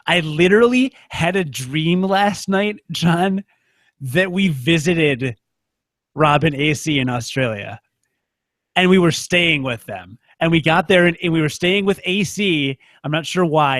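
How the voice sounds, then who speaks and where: A man with a fairly high voice co-hosts a podcast in easygoing chat, rambling and joking at his own expense. The sound is dry and close to the mic, with no room around it. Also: expressive, measured pace, a bit bright, dry recording. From United States. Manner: rambling, self-mocking, joking. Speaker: podcast co-host.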